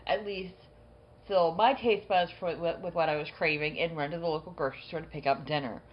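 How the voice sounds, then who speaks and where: A woman's voice: low voice, fairly even intonation, a little fast, a little hiss or hum. A woman co-hosting a podcast, telling a story in casual chat, hesitant with many restarts. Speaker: podcast co-host. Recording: dull lo-fi recording.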